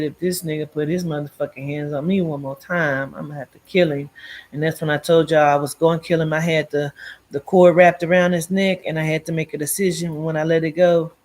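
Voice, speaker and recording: A woman telling her own life story in a casual, animated way, cursing freely and acting out what people said. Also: sits low. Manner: profane, blunt and animated, acts out quoted speech; addresses listeners directly as "child" and "girl".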